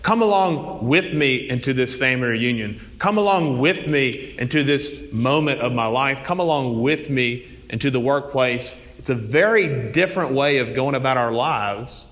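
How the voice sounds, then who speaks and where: A man's voice: mid-range voice, animated, moderate pace, hardly any pauses, fairly bright tone. A man, a priest, preaching a sermon in a conversational storytelling way, with rising emphasis. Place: church. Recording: long hall reverb.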